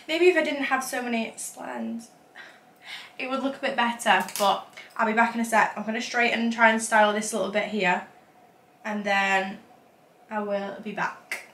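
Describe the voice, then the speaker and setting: A young woman talks through her outfits and makeup in a giggly, self-deprecating get-ready-with-me chat. Her voice is bright and a little high. The camera sits a short way off in an echoey room with a faint hum behind her. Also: steady tone, normal speed, pauses often. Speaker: vlogger.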